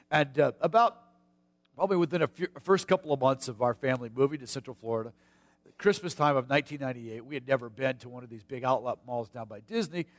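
A middle-aged man from the United States preaching a sermon, telling a personal story in a folksy way with hushed asides and sudden shouts. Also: on the high side. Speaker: pastor.

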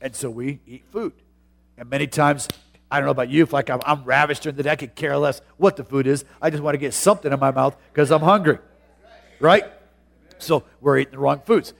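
A pastor preaching a sermon, moving from a chatty, personal tone into loud, drawn-out emphasis. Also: male voice, medium pitch, fairly even intonation, creaky.

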